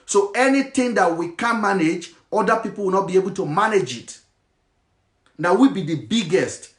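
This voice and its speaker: A man's voice: high voice, expressive, moderate pace, reverberant. A Nigerian man speaking in a passionate monologue, mixing in Pidgin phrases. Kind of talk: impassioned monologue.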